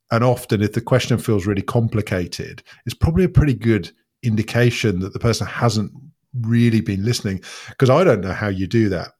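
Low-voiced man musing on listening. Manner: thoughtful, with frequent restarts. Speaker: guest coach. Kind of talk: reflective conversational explanation.

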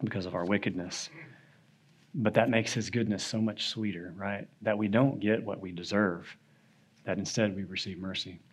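A man's voice: fairly low pitch, normal speed, husky. A man teaching a Sunday school Bible lesson in a church classroom, casual and conversational, often checking in with "right?". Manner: conversational, often asks "right?", animated when telling a story.

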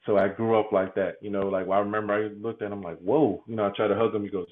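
A man giving a candid interview, talking haltingly, repeating words and laughing often. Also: lowish voice, little pitch movement. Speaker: podcast guest. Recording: tinny phone-like line.

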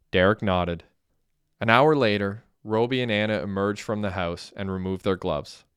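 Smooth low-voiced male audiobook narrator. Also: moderate pace, fairly bright tone, no room sound, studio quality. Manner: plain, matter-of-fact reading. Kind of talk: scripted narration.

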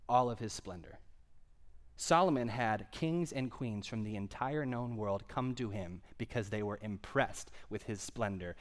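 A man preaching a sermon, earnest and emphatic, with conversational asides to the congregation and swings from quiet to loud. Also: mid-range voice. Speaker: pastor.

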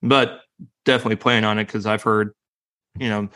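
A man's voice: lowish voice, little pitch movement, a little fast, sharp tone, clean tone. A man co-hosting a casual movie podcast, rambling and restarting his sentences, laughing often. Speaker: podcast co-host. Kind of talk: casual chat about movies.

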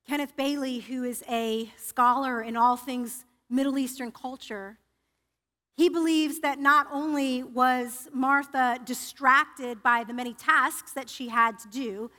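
A woman's voice: high-pitched, fairly even intonation, measured pace, pushed and bright. A woman preacher giving a personal, confessional sermon in a church, often restarting her sentences. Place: church sanctuary. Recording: reverberant church hall.

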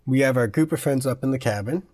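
Young guy on a podcast breaking a movie into parts, mid-pitch, dry sound. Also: quick pace, a little mellow, no echo. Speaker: podcast co-host. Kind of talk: casual chat.

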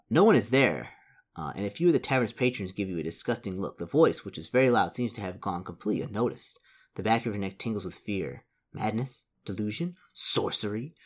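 A man reading a solo gamebook aloud, stumbling over words and breaking off into animated asides. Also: fairly low pitch. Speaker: reader playing a solo gamebook.

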